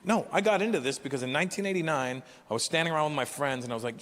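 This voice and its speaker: A man from Canada in his fifties, performing live stand-up with brash, animated storytelling. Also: on the high side, rapid-fire, hardly any pauses. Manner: animated, brash storytelling that jumps into character voices. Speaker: stand-up comedian. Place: large live venue. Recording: echoey hall with loud ambience.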